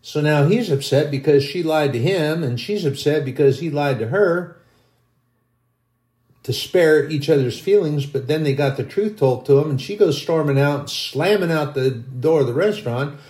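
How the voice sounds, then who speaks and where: A man's voice: a little high, lively intonation, normal speed, darkish tone, reverberant. A man preaching a sermon, telling a long everyday story in a folksy, rambling way.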